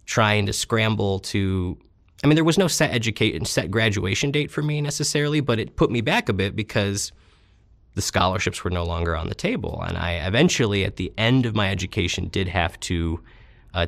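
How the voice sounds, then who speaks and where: A man's voice: deep voice, creaky, fairly bright tone, dry recording. A man in his thirties, an interview guest, telling rambling stories with self-deprecating humor. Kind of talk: casual storytelling interview.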